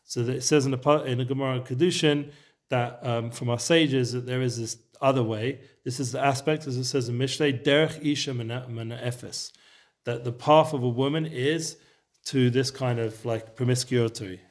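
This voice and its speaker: A man leading a relaxed Torah study session, explaining Hebrew texts in a loose, conversational way. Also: medium pitch, normal speed. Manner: mixes Hebrew terms into English, loose and conversational. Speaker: Torah teacher.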